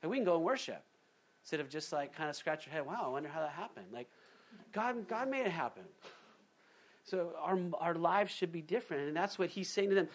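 A man preaching a sermon in a conversational, animated way, acting out little quotes as he goes. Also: on the high side, fairly quick. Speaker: pastor.

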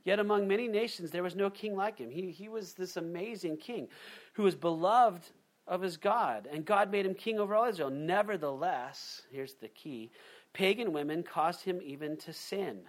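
A man preaching a sermon in a conversational, animated way, acting out little quotes as he goes. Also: high-pitched, moderate pace. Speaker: pastor.

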